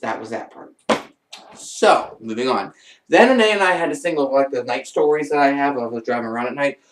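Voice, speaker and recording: A young man telling rambling personal stories in a casual, animated way. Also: normal speed, recorded from a distance. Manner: rambling, animated, mimics others in high voices. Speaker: vlogger. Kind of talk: casual storytelling. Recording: roomy echo, off-mic.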